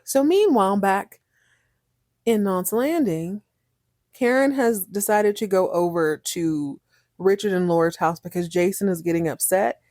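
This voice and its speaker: A woman hosting a podcast, recapping a TV episode in a chatty, animated way and repeating words for emphasis. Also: mid-range voice, a little slow, dry recording, clean studio sound. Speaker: podcast host. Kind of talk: casual TV recap.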